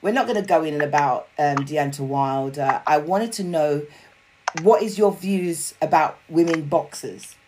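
A woman's voice: low-pitched, moderate pace. Chatty woman host, noisy recording. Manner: chatty, supportive, many fillers. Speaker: podcast host. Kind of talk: casual interview chat.

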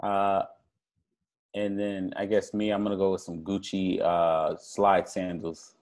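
A man's voice: low voice, flat delivery, slow, a little mellow. A blunt man co-hosting a podcast in slangy casual chat. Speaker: podcast co-host.

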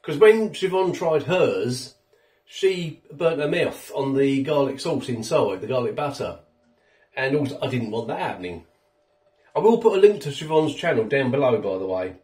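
A man's voice: mid-range voice, expressive, normal speed, darkish tone, roomy sound, recorded from a distance. A man with a chatty, rambling manner, reviewing food on his home vlog while he eats. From England. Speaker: food vlogger. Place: home kitchen.

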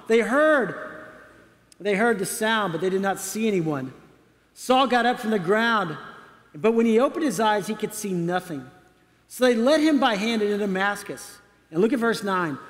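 High-voiced pastor preaching in a hall. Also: male voice, expressive, moderate pace. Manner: conversational preaching, asks the audience questions. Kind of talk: sermon.

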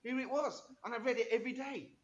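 In an animated storytelling interview, a male guest talks fast in a very high voice, captured with lo-fi sound. His enthusiastic, rambling stories are full of restarts and asides.

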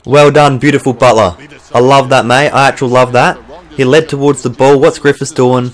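A man's voice: medium pitch, brisk. A young Australian man commentating his own football video game as he plays, swearing and getting worked up. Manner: swearing, excitable, bursts of frustration. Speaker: gaming YouTuber. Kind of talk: let's play commentary.

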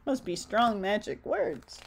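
A woman reading a children's picture book aloud in a gentle, expressive way, chatting to her listeners. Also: medium pitch, takes it slowly, vocal fry, slight background noise. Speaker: storybook reader. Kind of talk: children's story read-aloud.

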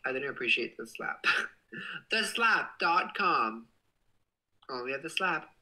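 A man's voice: medium pitch, very animated, unhurried, pushed and bright, low-quality recording. A young man hosting a casual livestream, reading out viewer comments in a bubbly, giggly way and swearing playfully. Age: young adult. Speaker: livestream host.

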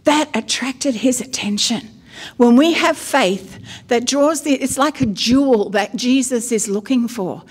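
A middle-aged woman, preaching a sermon as an apostle in a lively, conversational storytelling style. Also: fairly high pitch, a little slow, slightly rough.

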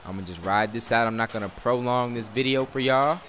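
A man giving casual, rambling commentary over his own video game match, with sudden bursts of excitement during big plays. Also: mid-range voice, a little fast. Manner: laid-back, rambling storytelling with bursts of excitement. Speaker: gaming video creator. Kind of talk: live gameplay commentary.

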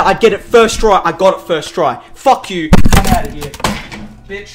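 A young adult, doing let's play commentary and trash-talking the game in crude, excitable bursts. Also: medium pitch, moderate pace. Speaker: gaming channel host. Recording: game music playing loudly behind.

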